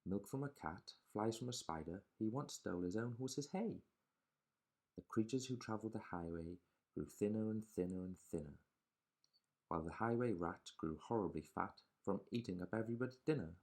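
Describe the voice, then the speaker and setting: A man reading a children's picture book aloud in a lively, sing-song storytelling way. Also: on the low side, moderate pace.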